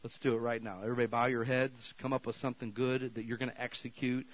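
A man preaching a sermon as pastor, folksy and casual, swinging between fired-up exhortation and quiet prayer. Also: mid-range voice, quick pace, poor audio. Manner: animated, rising to shouted exhortations, then quiet prayer. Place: church sanctuary.

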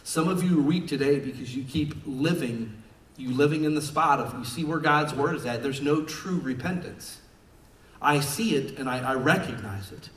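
A male pastor preaching a passionate sermon to his church, swinging from quiet talk to shouting. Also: on the high side, normal speed. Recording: echoey church room from far off.

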